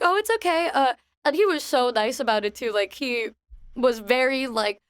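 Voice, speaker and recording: High-voiced young woman telling a story. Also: brisk, no room sound, studio quality. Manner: animated storytelling, acting out quotes with squeals. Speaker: podcast co-host. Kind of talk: casual chat.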